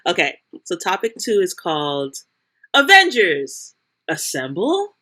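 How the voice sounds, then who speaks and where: A young woman co-hosts a chatty podcast in a lowish voice. She rambles and keeps circling back to restart her thoughts. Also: huge pitch swings, a little slow, pushed and bright. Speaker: podcast co-host. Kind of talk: casual chat.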